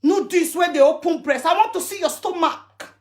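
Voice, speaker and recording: A woman's voice: very high-pitched, normal speed. A woman with a Nigerian Pidgin accent on a live video rant, combative and cursing, breaking into chanted curses. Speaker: social media personality.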